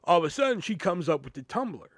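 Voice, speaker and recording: Brief: male podcast host spinning a long work story, cussing, rambly, slightly high voice, dry close sound. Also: big pitch swings, fast, no echo. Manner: profane, rambling, lots of "you know". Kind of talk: casual storytelling.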